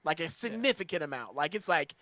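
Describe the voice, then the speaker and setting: A man's voice: a little high, sing-song, brisk, sharp tone. A male podcast co-host in casual, rambling joking chat.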